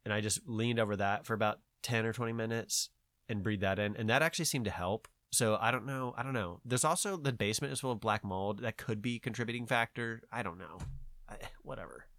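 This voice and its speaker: A man's voice: fairly low pitch, fairly quick, no room sound, studio quality. Nasal man rambling in casual chat. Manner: rambling, profane, animated storytelling. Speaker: podcast host.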